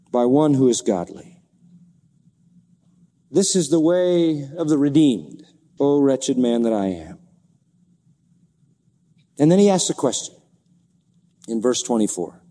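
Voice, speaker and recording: A man preaching in a large church hall, his fairly high but mellow voice trailing off in a long reverb. He presses his listeners with repeated rhetorical questions and reads scripture aloud in old-fashioned wording. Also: very animated, unhurried, pauses often. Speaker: pastor. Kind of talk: sermon.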